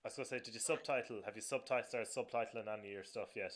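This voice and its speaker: A man's voice: fairly low pitch, fairly even intonation, very fast. An Irish man hosting a casual interview, asking easygoing questions. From Ireland. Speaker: podcast host.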